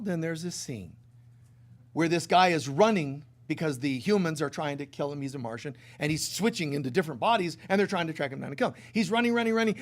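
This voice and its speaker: A middle-aged man gives a spiritual sermon. His voice sits a little high, and he tells stories with playful asides. He often drops soft and then rises loud. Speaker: spiritual teacher.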